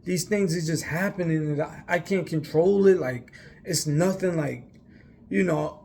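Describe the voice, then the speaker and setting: Gravelly young man telling a story. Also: a little high, normal speed, darkish tone, a little hiss or hum. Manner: rambling, emphatic, many fillers. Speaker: vlogger. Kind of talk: casual storytelling.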